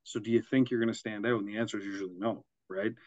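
A man's voice: lowish voice, fairly even intonation, quick pace, darkish tone, dry recording. A man co-hosting a casual podcast, rambling through examples and laughing at his own jokes. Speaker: podcast co-host. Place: Quebec, Canada.

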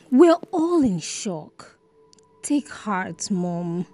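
A young adult woman playing a calm daughter who gently consoles her mother in a film drama. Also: mid-range voice, soft background music. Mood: consoling. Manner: gentle, soothing, slow. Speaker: grown daughter.

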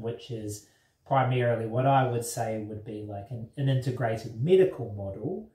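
A man's voice: medium pitch, moderate pace, warm tone. New Zealand man in an echoey room. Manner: rambling, searching for words with many fillers. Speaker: mental health nurse. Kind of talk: conversational interview. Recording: echoey room, mic at a distance.

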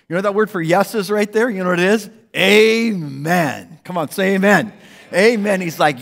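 A man preaching a sermon as pastor, animated, jumping between loud exclamations and hushed asides. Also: high-pitched, moderate pace, vocal fry. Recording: long hall reverb.

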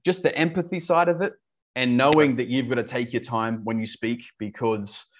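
A man with an Australian accent, an English teacher chatting casually as a podcast guest, relaxed with frequent fillers and restarts. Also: medium pitch, moderate pace.

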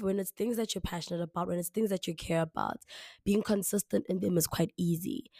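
Recovering from the flu, this young South African podcaster sounds hoarse, slightly raspy and lower than usual as she talks on her own. Her casual, chatty delivery is full of "like" fillers and repetition. Although she's using a camera mic alone indoors, the audio is clean and studio-like, without any room sound.

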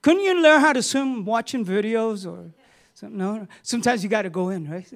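A middle-aged man with a strikingly high voice preaches a sermon. He asks his congregation questions in a chatty way, then builds to loud, emphatic preaching. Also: fairly quick, vocal fry. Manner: talks with the congregation, asking questions. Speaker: pastor.

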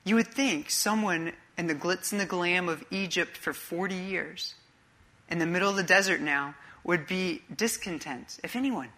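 A man's voice: high-pitched, moderate pace, pushed and bright. A man pastor preaching a sermon in an earnest, conversational way, full of rhetorical questions.

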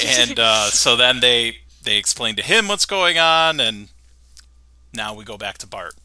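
A man's voice: mid-range voice, bright, forceful tone, smooth, no room sound. A man hosting a podcast, recapping a cartoon episode in a chatty way and laughing often. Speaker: podcast host. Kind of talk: casual chat, recapping an episode.

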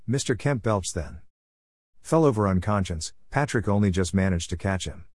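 A man reading a story aloud in a steady, wry narrating manner. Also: fairly low pitch, normal speed, dry recording, studio quality.

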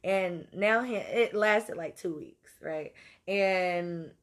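A woman telling a story in an animated, profane way, moving between loud outbursts and low asides. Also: takes it slowly. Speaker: podcast host. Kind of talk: storytelling monologue.

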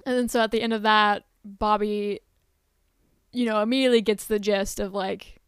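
A woman's voice: mid-range voice, steady tone, moderate pace, clean tone, no room sound, studio quality. A young woman co-hosting a podcast in casual chat, steadily recapping a TV show's plot with frequent fillers. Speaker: podcast co-host.

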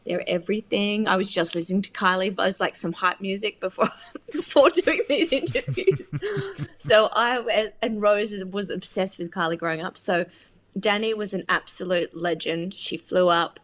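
A woman being interviewed about her film, talking in a halting, self-deprecating, openly emotional way. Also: medium pitch, steady tone, fairly bright tone, slight background noise. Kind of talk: casual interview conversation.

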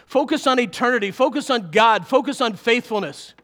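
High-voiced man preaching a sermon. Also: brisk. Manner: animated preaching with chuckles. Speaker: pastor.

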